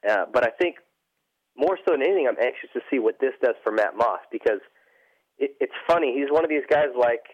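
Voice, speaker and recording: A man's voice: mid-range voice, expressive, fairly quick, dry recording, dull audio. A man co-hosting a casual racing chat as a former team manager, chatty and self-deprecating.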